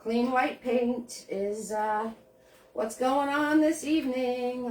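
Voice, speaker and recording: A woman's voice: on the high side, slow. A middle-aged woman hosting a live painting class, chatting casually, laughing often and greeting viewers by name.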